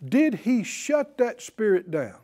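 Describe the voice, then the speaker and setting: This pastor's sermon is animated and full of rhetorical questions aimed at the congregation. He has a high voice and keeps a slow pace.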